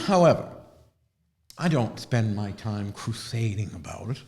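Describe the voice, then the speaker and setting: A man's voice: lowish voice, very animated, takes it slowly, creaky. A man hosting a live video stream, talking casually in a rambling, profane and sardonic way. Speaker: livestream host.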